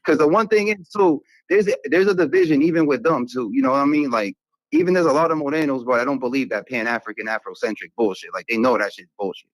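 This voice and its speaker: A man's voice: medium pitch, fast, dry recording, poor audio. A Dominican man talking casually as a podcast guest, rambling with many fillers and some profanity. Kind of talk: casual discussion.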